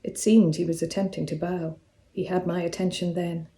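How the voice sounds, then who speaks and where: A woman, an author reading from her own novel in a calm, measured way. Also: fairly low pitch. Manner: calm, measured reading; casual, slightly hesitant when speaking off-script. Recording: roomy echo.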